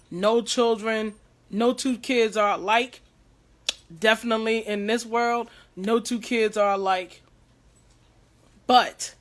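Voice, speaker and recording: Hoarse woman giving earnest advice. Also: medium pitch, fairly bright tone. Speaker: host. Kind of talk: casual livestream talk.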